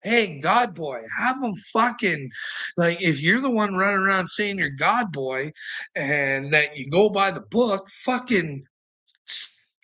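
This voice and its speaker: Heated swearing man with a higher voice. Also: bright, forceful tone. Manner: heated, swearing constantly, laughing between points. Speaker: vlogger. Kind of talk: profane ranting monologue.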